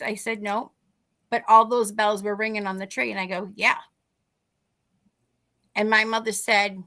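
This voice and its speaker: A woman's voice: medium pitch, steady tone, normal speed, long pauses, pushed and bright. A middle-aged woman telling a ghost story on a podcast in casual talk, acting out the people she quotes. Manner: acts out quoted people in dialogue. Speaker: guest telling a paranormal story.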